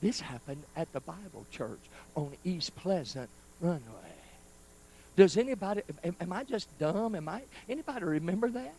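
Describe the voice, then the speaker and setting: A man preaching a storytelling sermon at a live church service, speaking folksy and direct to the congregation, swinging from loud bursts to hushed asides. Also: sits high, lively intonation, moderate pace, vocal fry, breathy edge.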